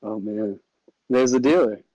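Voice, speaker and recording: A man's voice: fairly low pitch, dark tone, dry recording, highs cut off. A man as a podcast guest, chatting loosely, laughing often and swearing freely. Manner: loose and laughing, swears a lot, halting restarts. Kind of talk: casual chat.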